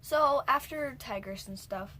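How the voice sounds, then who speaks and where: A woman's voice: high voice, unhurried, sharp tone. Brief: young woman, casual vlog movie recap, rambling asides, faint background noise. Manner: rambling, jumps between points, drops into whispered asides. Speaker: movie reviewer.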